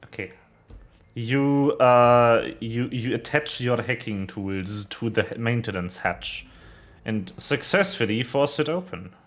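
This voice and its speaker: A man narrating as game master of a tabletop game, explaining in a halting way. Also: medium pitch, expressive, fairly bright tone.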